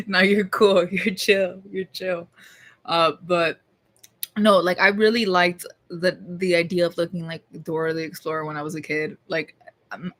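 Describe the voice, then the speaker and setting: A woman's voice: on the low side, a bit bright. Rambling, swearing young woman vlogger. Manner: rambling, swearing, self-mocking. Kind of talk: casual chat to camera.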